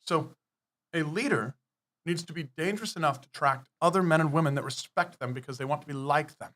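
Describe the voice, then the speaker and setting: A man's voice: a little high, a little fast, fairly bright tone. A man guest on a business podcast, lecturing emphatically through numbered points with frequent swearing. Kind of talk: podcast interview.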